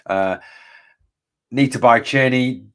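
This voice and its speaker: A man's voice: mid-range voice, takes it slowly, smooth, far from the mic. A man hosting a live stream, reading viewer comments and answering bluntly, often swearing and saying "mate". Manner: blunt and swears freely, says "mate" and "obviously" a lot. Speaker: host of a fan channel.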